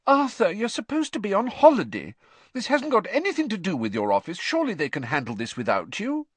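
A man's voice: high-pitched, sing-song, slow pace, no room sound, voice pushed up, heavily acted. A man doing Mrs Weasley, a fretting mother. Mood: fretful. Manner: fretting, distracted. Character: anxious motherly woman, fretful.

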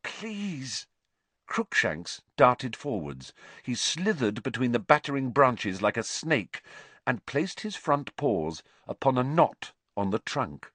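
A man reading a story aloud in scripted narration, dramatic and expressive. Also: medium pitch, unhurried, no echo. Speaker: audiobook narrator.

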